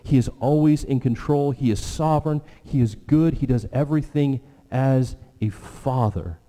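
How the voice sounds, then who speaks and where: Mellow-voiced man preaching in a reverberant hall. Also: moderate pace. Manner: earnest preaching with rising animated stretches and hushed prayerful lows. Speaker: pastor. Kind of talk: sermon.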